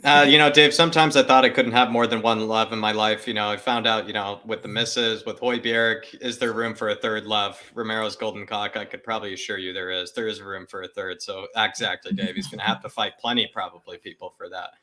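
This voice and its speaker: A man co-hosts a casual fan show, throwing in quick banter full of "you know". His voice sits a little low. The tone is bright and crisp. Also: fairly even intonation. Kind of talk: casual live-stream chat.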